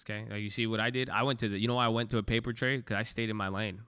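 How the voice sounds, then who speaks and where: A man's voice: lowish voice, steady tone, racing, hardly any pauses, pushed and bright, clear, resonant tone. A young man trading stocks on a livestream, talking bluntly to his chat and swearing freely. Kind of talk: casual livestream commentary.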